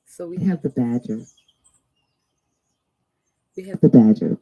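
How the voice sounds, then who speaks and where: Woman tarot reader hosting a live stream, very dark mellow tone, slow drawn-out card messages with chatty asides. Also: fairly low pitch, very animated, husky, low-quality recording. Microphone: two cameras.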